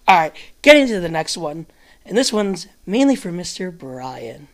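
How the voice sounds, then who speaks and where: A man's voice: sits high, big pitch swings, normal speed. A man co-hosting a casual podcast, crude and provoking, who introduces topics. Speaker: podcast co-host. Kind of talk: casual banter.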